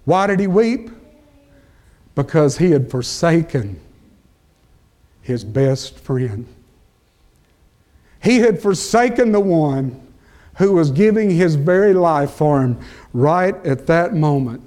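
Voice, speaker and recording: Slow, emphatic male preacher. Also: fairly high pitch, lively intonation, a little mellow. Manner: slow, emphatic preaching with pauses and rising peaks. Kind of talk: sermon.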